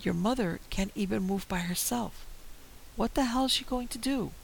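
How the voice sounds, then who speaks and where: A man voicing a panicked, sharp-tongued young woman in a spoken horror story, biting and strained. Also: high voice, moderate pace, gravelly, a little hiss or hum, pitched above the performer's own voice, rough recording. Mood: scornful.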